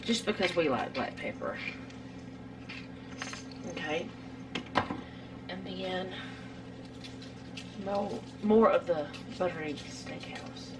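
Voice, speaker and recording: A woman's voice: fairly low pitch, lively intonation, slow, long pauses, very noisy. A middle-aged woman, chatting casually through a home cooking vlog in her kitchen, rambling with lots of fillers.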